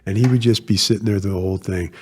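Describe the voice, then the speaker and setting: A man's voice: on the low side, steady tone, quick pace, darkish tone, a little hiss or hum. Easygoing man chiming in with agreement. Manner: frequent short agreements, easygoing. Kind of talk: casual conversation.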